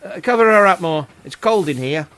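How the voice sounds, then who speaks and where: A reader voicing a gruff, bad-tempered man. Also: mid-range voice, animated, brisk, a bit bright, close to an everyday voice. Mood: gruff, angry. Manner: gruff, barking orders. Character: rough, bad-tempered grown man on a train. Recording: hissy home recording.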